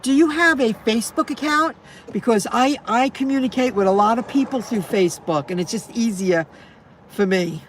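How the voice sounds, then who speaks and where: A woman's voice: on the high side, moderate pace, a little hiss or hum. A middle-aged woman chatting casually on a live stream into her phone from a parked car, rambling and repeating herself as she answers viewers. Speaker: delivery driver live streamer.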